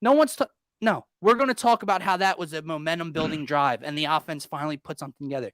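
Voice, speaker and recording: A young man rants about his team with exasperated, sarcastic energy. His voice sits high and sounds bright and edgy. The recording is dry and close. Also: quick pace, no room sound. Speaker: podcast host. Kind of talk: casual sports talk.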